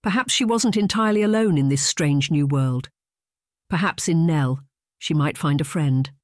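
Calm audiobook narrator, steady reading, mid pitch, no room echo. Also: moderate pace, studio quality. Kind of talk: scripted narration.

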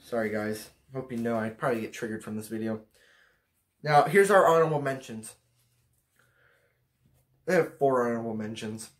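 A teenage boy rants to camera about his pet peeves. He swears constantly and sounds thoroughly exasperated. His pitch sits in an ordinary middle range. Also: moderate pace, pauses often. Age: teens. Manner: profane, exasperated ranting. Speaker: vlogger ranking pet peeves. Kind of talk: casual rant to camera.

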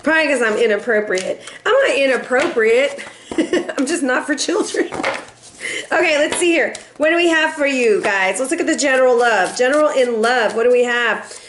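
A woman's voice: high voice, expressive, normal speed, a bit bright, a little hiss or hum. A woman doing a casual tarot reading in a sassy, playful way, laughing often and teasing her viewers. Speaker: tarot reader.

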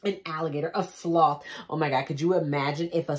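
A woman's voice: low voice, a little fast, hardly any pauses. A woman vlogger reading a picture book aloud with chatty, joking asides. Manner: animated, chatty asides, laughs at own jokes.

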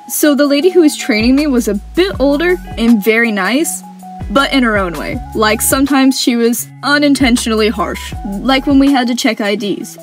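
A young woman narrating funny work stories with wry, sarcastic humor. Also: high voice. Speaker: animation storyteller. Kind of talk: story-time narration.

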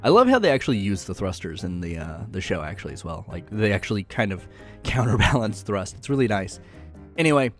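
A man's voice: lowish voice, big pitch swings, a little fast, soft background music. A man giving a casual episode recap, joking, slangy and full of sarcastic asides. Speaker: anime recap host.

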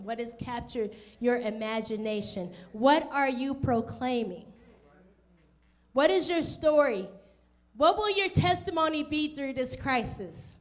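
A woman with a high voice preaches a sermon as pastor. She speaks straight to her listeners with questions. She brings the story to life by putting on the voices of its people. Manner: direct questions to the congregation.

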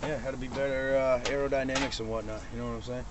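A man's voice: medium pitch, flat delivery, quick pace. A man on a cooking show's crew, bantering in a laid-back, joking way. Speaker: crew member. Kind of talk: casual banter. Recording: noisy background.

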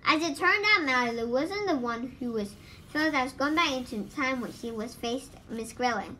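A woman reading a story aloud in a halting way, stumbling and misreading words. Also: sits high, animated, sharp tone, a little hiss or hum. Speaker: reader.

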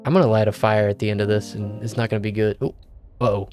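A man's voice: on the low side, fairly even intonation, fast talker, darkish tone. A man playing a game and commenting in a playful way, joking and talking to himself. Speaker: gaming video creator. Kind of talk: let's play commentary. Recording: faint game music behind.

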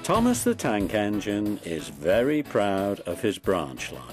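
A man reads a children's railway storybook aloud in an unhurried way. His voice rises and falls widely as he tells the story. Music plays clearly in the background. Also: on the low side. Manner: slow, expressive reading. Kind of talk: storybook reading.

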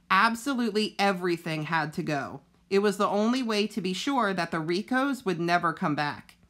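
A woman teacher reads a children's novel aloud with steady, even storytelling. Her voice sits at a middling pitch, neither high nor low.

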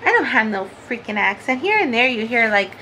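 Fairly quick and sing-song, her slightly high voice sounds bright and forceful on a rough recording with slight background noise. She hosts a crafting vlog from home, rambling chattily to the camera, laughing often and saying "like" constantly.

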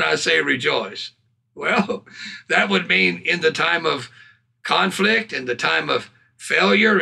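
A man preaching a sermon with fervor, reading scripture slowly, laughing often and calling out hallelujah and praise God. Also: fairly high pitch, vocal fry, bright, forceful tone, breathy edge.

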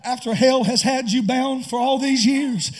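A male pastor preaching a sermon with fervor, building to shouts and breaking into tongues. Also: very high-pitched, fairly even intonation, unhurried. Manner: fervent preaching, rising to shouts, bursts of tongues.

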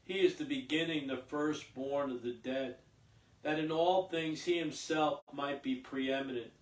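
A priest reading scripture at Mass and then preaching a homily in a slow, halting way, with many fillers and repeated words. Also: male voice, a little high, fairly even intonation. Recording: echoey church, voice from a distance.

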